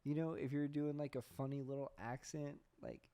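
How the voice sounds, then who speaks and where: A man hosting a podcast, talking in a casual, profane, deadpan sarcastic monologue. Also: mid-range voice, moderate pace, clean tone. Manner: deadpan sarcastic, profane, says "bro" a lot. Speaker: podcast host.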